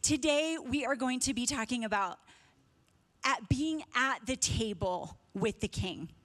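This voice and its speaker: Woman preaching, high voice. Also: lively intonation, unhurried. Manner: warm, emotional, laughing often. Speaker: pastor. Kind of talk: sermon. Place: church stage at a conference.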